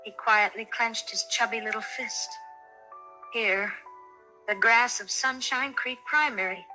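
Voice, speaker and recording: A woman narrating a children's bedtime story in a soft, soothing way. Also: a little high, steady tone, unhurried, poor audio. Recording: narration over soft music.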